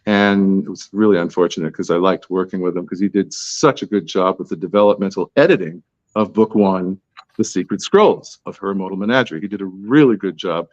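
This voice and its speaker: A man's voice: low voice, brisk, no echo, highs cut off. A man being interviewed as an author, talking in a chatty, tangential, self-deprecating way. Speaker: author guest. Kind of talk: podcast interview answers.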